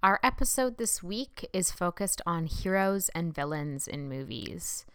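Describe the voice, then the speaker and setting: A woman hosting a podcast in an upbeat, brisk way. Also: on the low side, lively intonation, clear, resonant tone, no room sound, clean studio sound. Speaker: podcast host. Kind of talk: casual podcast talk.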